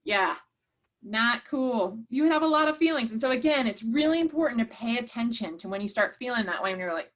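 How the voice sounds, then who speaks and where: A woman's voice: fairly high pitch, animated, a little fast. Upbeat woman presenter reading chat replies. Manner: encouraging, reads out participants' chat replies. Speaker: workshop presenter. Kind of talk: online workshop teaching.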